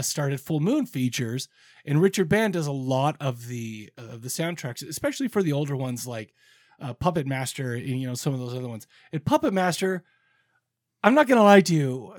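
Laid-back higher-voiced male podcast host. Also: dry recording, clean studio sound. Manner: rambling, laid-back, with lots of fillers and restarts. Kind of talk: casual chat.

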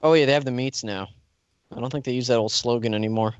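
A man's voice: mid-range voice, fast talker, clear, resonant tone, dry recording, dull audio. A man hosting a casual comedy podcast, laughing often and swearing freely in loose banter. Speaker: podcast host.

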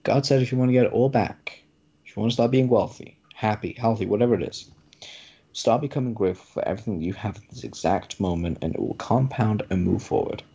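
A man's voice: lowish voice, fairly quick, vocal fry, warm tone, breathy edge, highs cut off. A man doing a laid-back prophet. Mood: matter-of-fact. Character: calm patient prophet messenger, older man.

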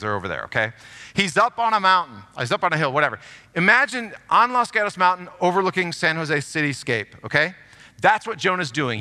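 A bright, forceful male preacher delivering a sermon in a church. He talks with animated emphasis, leaning hard into the scripture he reads aloud. His voice rings out with a long hall reverb behind it. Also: fairly high pitch. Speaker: pastor. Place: church sanctuary.

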